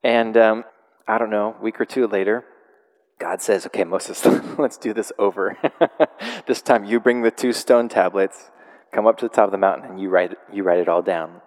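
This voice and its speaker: A man preaching a sermon, retelling a scripture story in a casual, animated way with frequent laughs. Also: fairly low pitch, moderate pace, big-room sound. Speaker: pastor.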